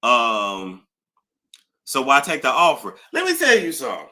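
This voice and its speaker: Chatty male livestream host with a bright, forward voice; animated and talkative. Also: medium pitch, measured pace. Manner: animated, chatty, reading out donor thanks. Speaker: YouTube gossip host. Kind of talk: casual livestream chat.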